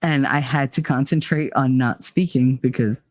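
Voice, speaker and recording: A woman's voice: very deep voice, moderate pace, a little mellow, no room sound. A woman hosting a casual live stream who reads viewer chat and talks candidly and bluntly, with swearing and wry humor.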